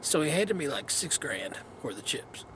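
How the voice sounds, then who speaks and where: Man, vlogger, bright voice, rambling storytelling, outdoors, faint wind noise. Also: fairly high pitch, big pitch swings, moderate pace. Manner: rambling, laid-back, many fillers. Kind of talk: casual storytelling to camera.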